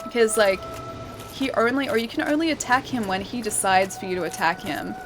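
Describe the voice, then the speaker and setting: A woman's voice: a little high, expressive, fairly quick. An Australian woman streaming a game and chatting casually with viewers, laughing often and using lots of fillers. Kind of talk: casual gameplay stream chat. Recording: game music behind the voice.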